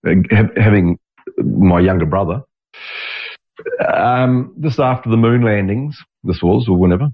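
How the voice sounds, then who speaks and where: An Australian man in his sixties hosts his own show, delivering a rambling, digressive monologue full of restarted sentences and the occasional swear word. His voice is on the low side, animated and a little slow, and the lo-fi audio sounds dull.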